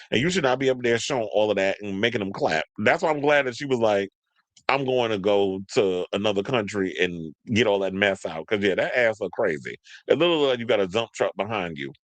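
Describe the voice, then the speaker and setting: A man's voice: on the low side, a bit bright, dry recording. A man hosting a celebrity gossip show, chatting casually in a sassy way with slang asides as he reads out news items. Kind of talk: casual commentary, reading news aloud.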